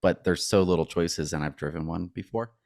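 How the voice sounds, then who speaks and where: A man talking casually on a podcast, telling stories with lively acted-out back-and-forth exchanges. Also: deep voice, fairly quick, creaky, dry recording, studio quality. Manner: animated storyteller who acts out both sides of conversations. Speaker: podcast co-host.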